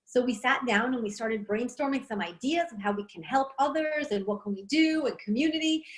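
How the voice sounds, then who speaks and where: A woman in her forties with a New York accent and a fairly high voice. She is chatty and animated, sharing a personal story in a casual tone. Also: rough recording. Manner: animated and chatty, acts out others' words. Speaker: network marketing presenter. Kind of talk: casual testimonial talk.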